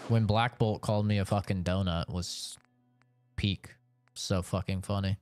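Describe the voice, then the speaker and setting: A man's voice: low-pitched, fairly even intonation, a little slow, a little mellow, faint music behind. A man streaming a game, chatting casually and rambling with jokes to his viewers. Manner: rambling, joking, talks to chat. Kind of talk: casual gameplay chat.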